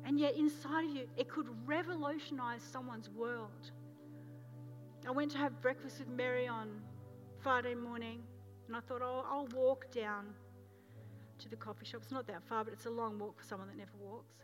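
An Australian woman pastor giving a sermon, telling a story and moving from loud urgency to hushed, intense moments. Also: on the high side, steady tone, normal speed, faint music behind.

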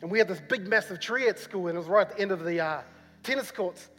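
A man's voice: high voice, fast talker, fairly bright tone. A man from New Zealand with a New Zealand accent, preaching a sermon as a rambling personal story full of fillers and repeats. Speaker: pastor. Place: church hall. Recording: long church hall reverb with faint music.

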